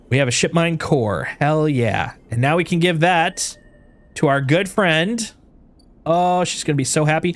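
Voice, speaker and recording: A man's voice: on the high side, unhurried, long pauses. A man streaming a game, chatting animatedly to viewers, swearing and reading the story aloud. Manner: animated, swearing, talks to chat. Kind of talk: gameplay commentary and reading aloud.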